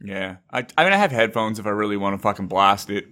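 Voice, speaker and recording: A man hosting a casual podcast, laid-back and jokey, who mocks others in loud put-on voices. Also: fairly low pitch, animated, fast. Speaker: podcast host.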